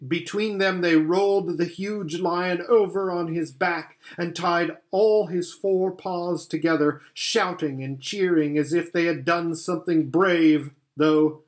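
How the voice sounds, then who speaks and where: Slow, deliberate male storyteller. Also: on the high side. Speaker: audiobook reader. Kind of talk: scripted story narration.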